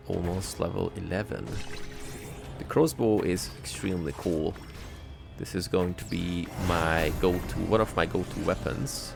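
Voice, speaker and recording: Low, gravelly man commenting on gameplay. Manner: joking, reads upgrade text aloud. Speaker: gaming channel host. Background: game music.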